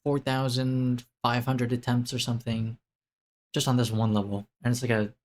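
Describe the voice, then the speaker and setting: Young dude rambling on camera, um and like everywhere, mid pitch, keeps restarting himself. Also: male voice, flat delivery, normal speed, slight background noise. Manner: rambling, self-interrupting, many fillers and restarts. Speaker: vlogger. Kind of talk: casual rambling life update.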